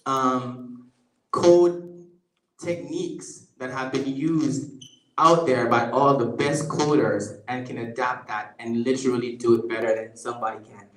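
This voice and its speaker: A man's voice: medium pitch, measured pace. A man giving a conversational public lecture with a live demo, often checking in with the audience. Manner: conversational, keeps checking in with "right?". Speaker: guest lecturer. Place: event space at a museum. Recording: echoey lecture room.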